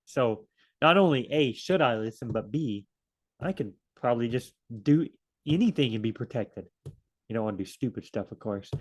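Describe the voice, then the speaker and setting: A man's voice: medium pitch, fairly quick. Rambling man teaching the Bible. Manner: rambling and self-correcting, acts out quotes in different voices. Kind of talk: casual spoken Bible study.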